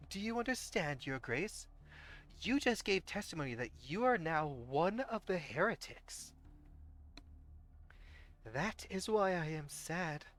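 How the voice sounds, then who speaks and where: A cruel, vengeful witch queen who mocks and commands in slow, drawn-out words, as a streamer voices her. The voice rises to gloating heights and then drops to a menacing hush. Soft music plays beneath the reading. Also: medium pitch. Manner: slow, taunting and theatrical, dropping to a menacing hush. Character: cruel vengeful mocking young witch woman. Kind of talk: live-streamed game story reading.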